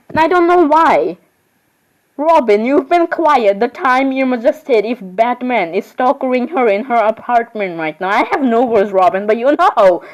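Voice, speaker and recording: A woman's voice: sits high, a little mellow, low-quality recording. A woman voicing every doll in an improvised role-play, talking in a rambling, chatty way with sudden surprised squeals. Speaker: voicing all the dolls in a homemade role-play.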